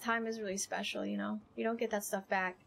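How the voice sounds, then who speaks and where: A woman live-streaming a video game, chatting with her viewers, rambling and emotional, then excitable during play. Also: medium pitch, fairly quick, creaky, soft background music. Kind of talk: live gameplay stream chat. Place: home streaming setup.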